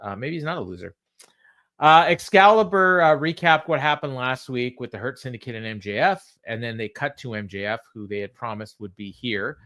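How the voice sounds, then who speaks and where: A man's voice: medium pitch, expressive, fairly quick, pushed and bright. A man co-hosting a podcast, casually recapping a wrestling show, quoting the wrestlers and laughing often. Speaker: podcast co-host.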